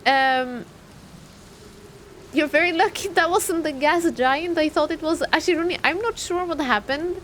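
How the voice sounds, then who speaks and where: Very high-voiced young woman streaming. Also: measured pace, a bit bright, a little hiss or hum. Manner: chatty, thinks aloud and talks to chat. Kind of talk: live gameplay commentary.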